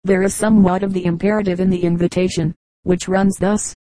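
A woman reading a humorous essay aloud as an audiobook narrator, with a measured, mock-grand delivery. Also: medium pitch, steady tone, warm tone, dry recording, rough recording. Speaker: audiobook reader.

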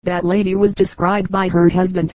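A woman reading a collection of short jokes aloud as a steady, unhurried audiobook narration. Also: on the low side, dry recording, low-quality recording. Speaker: audiobook reader.

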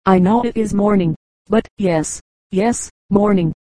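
A reader voicing a pompous young man who speaks halting, broken English and keeps stammering and repeating words. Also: medium pitch, a little mellow, no room sound, natural voice, low-quality recording. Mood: blustering.

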